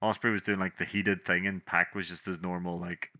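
A man's voice: low voice, level tone, fairly quick, pushed and bright. A Scottish man co-hosting a podcast in casual chat, talkative and fond of mimicking people. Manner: chatty, mimics people in quotes. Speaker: podcast co-host.

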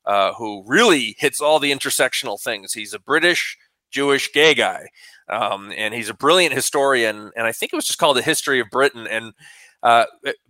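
A middle-aged man co-hosts a radio talk show, musing in a rambling, reflective way. His voice is bright and forward. The recording is dry and close. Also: mid-range voice, moderate pace, no echo, rough recording. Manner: rambling, reflective, with many restarts. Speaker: radio co-host. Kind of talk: conversational political commentary.

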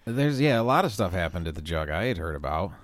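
Joking, foul-mouthed low-voiced man. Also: sing-song, quick pace, dry recording. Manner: profane, jokey, rambling. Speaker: podcast co-host. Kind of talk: casual chat.

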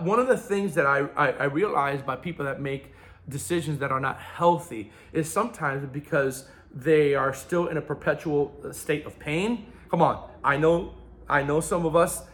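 Bright-voiced man preaching with loud bursts. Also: fairly high pitch. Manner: emphatic preaching that swings between loud bursts and quiet asides. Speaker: pastor. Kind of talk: sermon.

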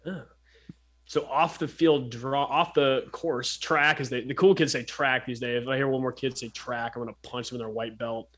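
Bright-voiced man rambling about sports. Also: mid-range voice, steady tone, normal speed, a little hiss or hum. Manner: rambling, joking, lots of fillers and restarts. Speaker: sports podcast co-host. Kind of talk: casual sports chat.

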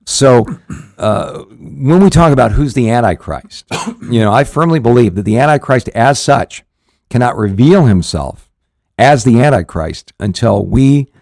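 A male pastor hosts a conversational Bible-teaching show. He talks earnestly, restarting phrases and filling pauses as he goes. His voice sits at an average pitch and is recorded dry and close. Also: lively intonation, gravelly, a little mellow, dry recording. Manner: earnest, rambling with frequent restarts and fillers.

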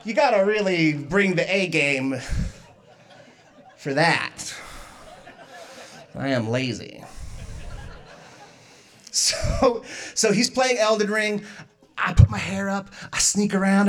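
A woman's voice: mid-range voice, lively intonation, takes it slowly, long pauses. A young woman doing a stand-up comedy set, self-mocking and often laughing through her lines. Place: comedy stage.

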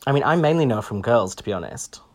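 Chatty expressive man hosting a podcast. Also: medium pitch, quick pace. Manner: chatty, expressive, self-mocking. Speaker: podcast co-host. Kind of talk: casual chat.

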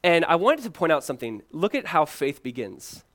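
A male pastor preaching a sermon, swinging from loud emphatic lines to hushed, pleading ones and repeating key phrases. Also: fairly high pitch, very animated, moderate pace.

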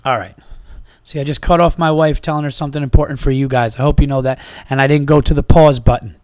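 A man hosting his own podcast, talking casually and a little hoarse from a sore throat, telling a rambling, profane story with lots of restarts. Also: medium pitch, steady tone, quick pace, darkish tone, no echo, clean studio sound. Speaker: podcast host and comedian.

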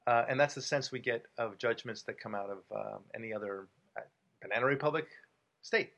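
A man's voice: mid-range voice, brisk, creaky, fairly bright tone. An American man hosting a casual talk show, making his points with emphasis, repeating them and using many fillers. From United States. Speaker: podcast host and author.

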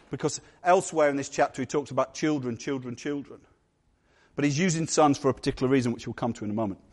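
Male pastor, higher voice, animated sermon delivery with playful asides.

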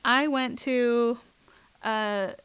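A young woman co-hosting a podcast, telling stories in a wry, sarcastic, animated way. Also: a little high, very slow, clear, resonant tone. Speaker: podcast co-host. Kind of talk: casual chat.

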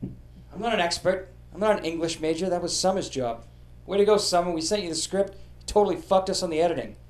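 High-voiced man telling profane history jokes. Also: fast, a little mellow. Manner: profane, joking delivery. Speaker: podcast host. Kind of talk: comedic history storytelling.

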